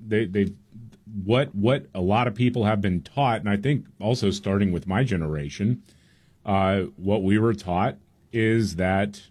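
A man's voice: fairly low pitch, unhurried, darkish tone, slightly rough. A man co-hosting a radio talk show, explaining his views at length with a few fillers. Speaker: radio co-host.

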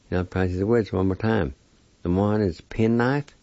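A man's voice: sits low, moderate pace, mellow, dry recording, highs cut off. A man teaching a weekly pronunciation lesson on radio, patiently spelling words and repeating each one syllable by syllable.

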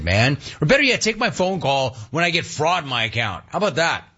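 A man in his fifties hosting a call-in talk radio show, ranting with animated energy and mocking voices. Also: a little fast, hardly any pauses, breathy edge, dull audio. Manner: animated ranting, mocks cheerful clerks in a high voice. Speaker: radio talk show host taking calls.

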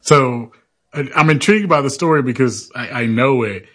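A man's voice: medium pitch, moderate pace, fairly bright tone, slightly rough. A man hosting an interview, encouraging his guest in a casual, friendly way. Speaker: host. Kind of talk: interview questions.

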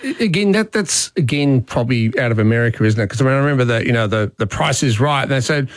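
A man's voice: medium pitch, animated, fast, no echo. A male radio host asks curious questions with a voice that rises and falls a lot. The sound is dry and close to the mic. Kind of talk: radio interview.

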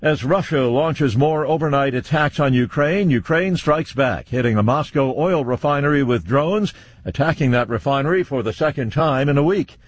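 A man anchoring a radio newscast, reading headlines in a brisk, clipped way. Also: mid-range voice, slightly rough, no echo. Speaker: news anchor.

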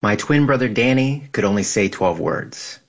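A man calmly reading his own personal essay in a measured, reflective way. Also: on the low side, husky.

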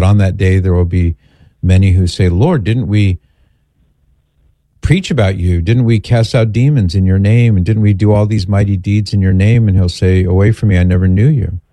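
A man's voice: low voice, mellow, no room sound. A man earnestly explaining scripture in a conversational teaching style, quoting passages at length as he answers a question. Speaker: Catholic apologist answering questions.

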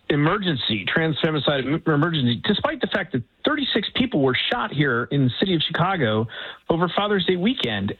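An indignant male guest heard over a thin, phone-like line, his voice a bit husky. He talks in halting bursts full of restarts. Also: a little high. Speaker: guest commentator. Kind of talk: political talk commentary.

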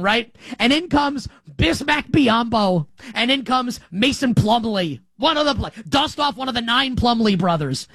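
A man hosting a sports opinion show, talking in an animated, sarcastic way. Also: very high-pitched, no room sound. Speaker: sports talk host.

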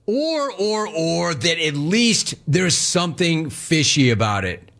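A man's voice: a little high, very animated, slow, vocal fry, fairly bright tone. A middle-aged man hosting a sports talk radio show, taking calls and ranting sarcastically.

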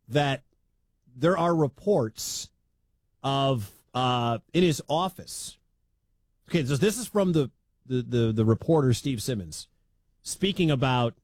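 A man from the Midwestern US hosting sports talk radio, talking in an animated, conversational and emphatic way. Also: medium pitch, dry recording.

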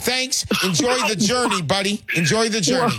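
A man's voice: high-pitched, expressive, moderate pace. A man hosting a call-in radio show, talking in a brash, jokey, salesy way.

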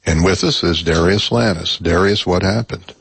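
A man hosting a public radio talk show, speaking in a measured, halting way with frequent fillers. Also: low-pitched, vocal fry, husky. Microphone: studio microphone.

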